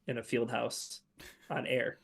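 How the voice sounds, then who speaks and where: A man's voice: medium pitch, monotone, unhurried, vocal fry. A man co-hosting a sports podcast, rambling casually with many fillers. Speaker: podcast co-host.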